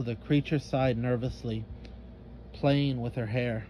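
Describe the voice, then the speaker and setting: A man reading a children's story aloud in a calm, measured narrating voice. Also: mid-range voice, dull audio, a little hiss or hum.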